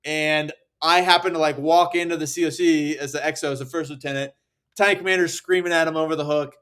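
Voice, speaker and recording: An American man in his thirties telling stories casually on a podcast, animated and acting out quoted lines. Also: fast, clean tone. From United States. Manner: animated, acts out quotes with rising pitch. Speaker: podcast guest. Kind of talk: casual storytelling.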